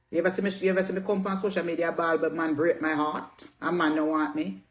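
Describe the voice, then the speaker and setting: A Jamaican woman in her fifties rants on social media. She is brash and scolding, repeats her jabs, and swears freely at her critics. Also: low voice. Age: 50s. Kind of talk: heated social media rant.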